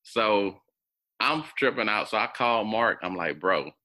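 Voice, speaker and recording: A man telling a personal story as an interview guest, animated and acting out the voices of people he quotes. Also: fairly low pitch, normal speed.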